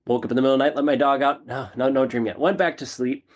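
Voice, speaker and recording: A man appearing as a podcast guest shares a personal story in a relaxed interview, speaking fast at a medium pitch. He's animated and pokes fun at himself, repeating phrases to drive his points home.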